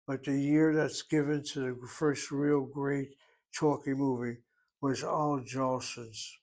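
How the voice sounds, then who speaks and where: Male language teacher, unhurried, reasons through grammar points aloud. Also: mid-range voice, a little mellow. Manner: thinks aloud, deliberate, explains step by step. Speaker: Hebrew teacher. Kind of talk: classroom grammar lecture.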